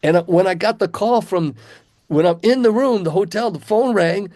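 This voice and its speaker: A man's voice: high voice, moderate pace, darkish tone, dry recording, studio quality. An older man from Cleveland, a guitarist guest, telling rambling anecdotes in a casual interview. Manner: rambling anecdotes with acted-out quotes and laughs.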